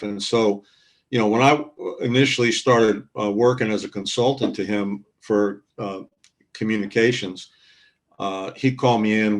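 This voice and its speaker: A man in a casual discussion, speaking in a measured, reflective way with frequent fillers. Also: fairly low pitch. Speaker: guest commentator.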